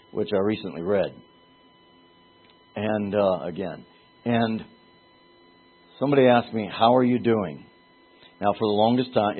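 A man teaching from the Bible in a conversational sermon, rising in pitch and force when he drives a point home. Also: breathy edge. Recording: phone-like lo-fi audio.

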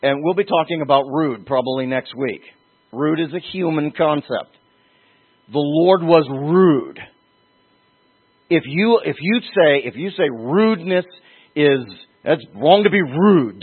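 Husky man preaching over a tinny line. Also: expressive. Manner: emphatic, with sudden pitch leaps and slowed stresses. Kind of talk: sermon.

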